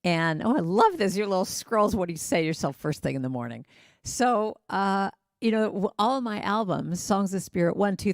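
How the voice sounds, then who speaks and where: A woman's voice: lowish voice, darkish tone, no room sound, clean studio sound. A middle-aged woman, a guest musician, giving a casual spiritual talk and breaking into sung lines and acted quotes.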